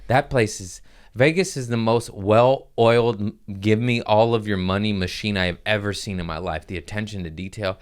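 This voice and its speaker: A comedian hosting his own podcast, swapping stories in an easy, profane way. His voice sits low and comes through smooth and resonant. He keeps it lively, leaping into high-pitched voices whenever he quotes someone. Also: moderate pace. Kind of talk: casual storytelling chat.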